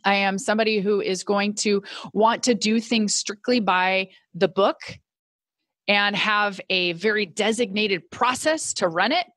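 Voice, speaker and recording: A woman's voice: medium pitch, a little slow, a bit bright, dry recording, studio quality. A middle-aged woman, a podcast guest and business owner, telling a personal story in an earnest way and acting out her past thoughts with animation.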